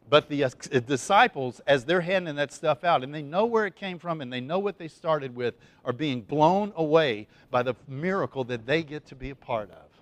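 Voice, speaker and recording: Chatty pastor with a higher male voice. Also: a bit bright, no room sound. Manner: chatty, folksy, lots of fillers and restarts. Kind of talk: conversational sermon.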